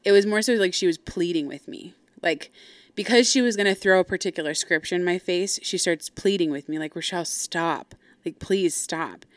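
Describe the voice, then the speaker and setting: A woman's voice: fairly low pitch, fairly quick, dry recording. A woman hosting a podcast and recounting a family confrontation in a blunt, heated, casual way, swearing often and acting out what others said in her own voice. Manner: acts out quoted people in her own voice. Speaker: podcast host. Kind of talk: casual storytelling.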